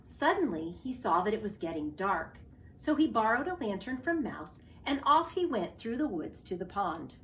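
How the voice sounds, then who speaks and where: A woman, a teacher, reading a children's storybook aloud in a slow, expressive way. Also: medium pitch, echoey room, slight background noise.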